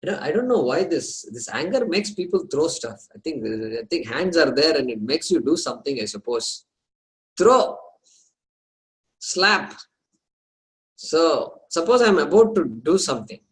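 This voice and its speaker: A man's voice: fairly high pitch, very animated, poor audio. Man teaching a scripture class. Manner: explains terms slowly with repetition and questions; hesitant fillers, talks to students.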